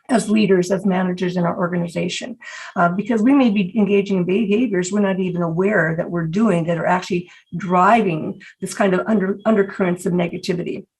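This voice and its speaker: A woman's voice: medium pitch, low-quality recording. Reflective woman hosting a podcast. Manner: reflective, many "you know" fillers. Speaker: podcast host and conflict coach. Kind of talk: conversational interview.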